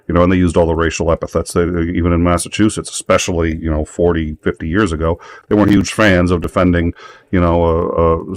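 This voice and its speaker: A man telling a story in casual chat, rambling along with many fillers and restarts. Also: deep voice.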